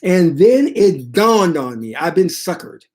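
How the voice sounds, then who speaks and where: A man who teaches spirituality, retelling a personal story in an animated, dramatic way. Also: high-pitched, a little slow. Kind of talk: storytelling monologue.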